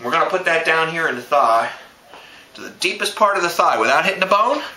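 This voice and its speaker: A man's voice: fairly high pitch, lively intonation, fairly quick, sharp tone, reverberant, a little hiss or hum, low-quality recording. A man hosting a casual barbecue cooking demonstration, folksy and joking as he talks straight to viewers outdoors at the grill. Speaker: barbecue cook and show host.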